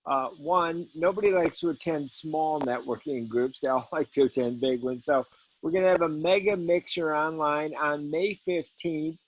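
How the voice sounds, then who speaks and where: A man pitching a networking event on a video call, in a halting, hesitant delivery. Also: poor audio.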